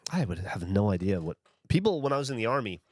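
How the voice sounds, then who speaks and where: A man from the Southern United States who has lost his regional accent hosts a livestream, his fairly low voice fast and sing-song on a dry recording. He chats casually, rambles, and swears freely while answering viewer comments.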